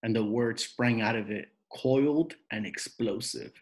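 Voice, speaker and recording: A man reading a novel aloud in slow, steady narration. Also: fairly low pitch, low-quality recording. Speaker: reader.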